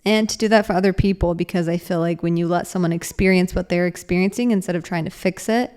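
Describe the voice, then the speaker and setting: A woman's voice: fairly low pitch, steady tone, fast, darkish tone, smooth. A young woman hosting a solo podcast, talking in a rambling, earnest way with lots of fillers. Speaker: podcast host. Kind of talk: casual reflective solo podcast.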